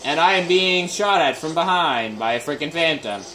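A man's voice: a little high, lively intonation, moderate pace, bright, forceful tone, a little hiss or hum. A man giving casual live gameplay commentary, chatting and reacting aloud with sudden exclamations and muttered groans.

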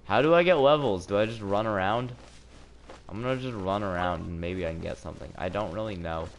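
A man live-streaming a video game, rambling sarcastically and bursting out excitedly during fights. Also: on the low side, fairly quick, creaky. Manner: sarcastic, self-mocking rambling with excited outbursts. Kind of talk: live gameplay commentary. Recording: game music playing under voice. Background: game music.

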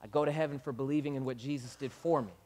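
A man preaching a sermon as pastor, animated, acting out dialogue and building up to shouts. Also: medium pitch, racing.

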